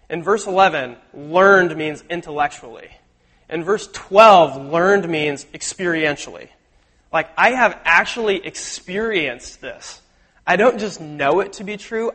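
A man preaching a sermon in a casual, animated way, acting out the lines he quotes. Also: on the high side. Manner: conversational, animated, acts out quotes. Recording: long hall reverb.

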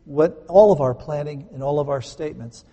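A man preaching a sermon, emphatic, swinging between loud stresses and quiet conversational asides. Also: fairly high pitch, fairly quick, lo-fi sound. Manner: conversational, explains grammar with homely examples. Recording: echoey hall.

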